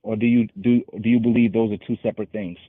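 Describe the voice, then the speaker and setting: A man with a husky voice argues his point in a loose, halting way, often restarting and slowing down to recite scripture. The sound is dry and tinny, as if it came over a phone line. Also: on the low side, little pitch movement, no echo. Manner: argumentative, halting, restarts and slows to quote scripture. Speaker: call-in show host. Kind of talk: casual debate.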